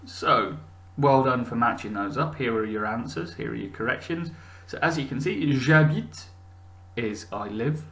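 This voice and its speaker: A man's voice: mid-range voice, fairly bright tone. A man teaching a recorded lesson, patient and encouraging, with many fillers and restarts.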